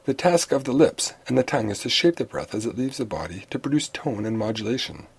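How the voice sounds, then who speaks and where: A man reading a prepared talk of practical advice on public speaking, in a measured, instructive way with the odd small restart. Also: medium pitch, lively intonation, husky.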